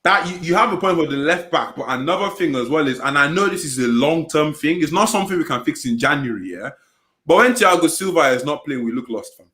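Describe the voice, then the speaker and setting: A man guest on a casual football podcast, talking quickly in a slangy way. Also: a little high, expressive, fairly bright tone.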